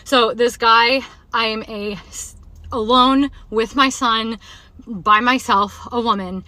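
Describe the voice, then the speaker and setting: A woman's voice: fairly high pitch, fairly even intonation, slow, sharp tone, no echo. A shaken woman telling a story in a social media video, agitated and insistent, repeating her points over and over. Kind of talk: selfie rant video.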